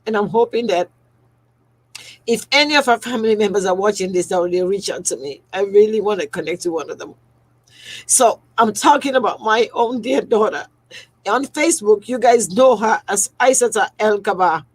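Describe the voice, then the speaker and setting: A woman speaks straight to her livestream audience, heartfelt and close to tears. Her voice sits at an ordinary middle pitch, and she talks warmly to the viewers as if they were family. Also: normal speed, dry recording, poor audio. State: on the verge of tears. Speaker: skincare business owner hosting a live stream. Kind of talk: emotional personal livestream.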